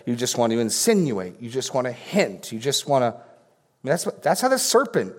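A man's voice: on the high side, very animated, a little fast, in a large hall. A man preaching a sermon as a pastor, reading scripture passages aloud and explaining them with pointed questions.

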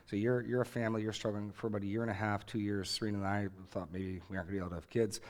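A man in his thirties preaching a sermon in an earnest, conversational way, rising emphatically on key points. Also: lowish voice. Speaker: pastor.

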